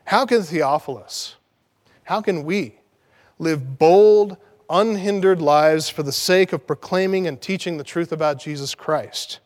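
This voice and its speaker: A man's voice: fairly high pitch, measured pace, darkish tone, long reverb tail. A man preaching a sermon, emphatic, repeating key words to drive them home. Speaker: pastor.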